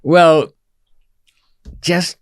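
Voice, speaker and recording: A man's voice: on the high side, steady tone, extremely slow, clean tone, no room sound, studio quality. A man who is a podcast guest, telling a long story in an interview in a rambling, digressive way, with many ums and wry asides.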